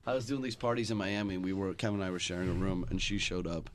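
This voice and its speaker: A young man co-hosting a podcast, telling crude stories with animated, laughing banter. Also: sits low, racing, slight background noise. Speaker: podcast co-host. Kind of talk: casual storytelling chat.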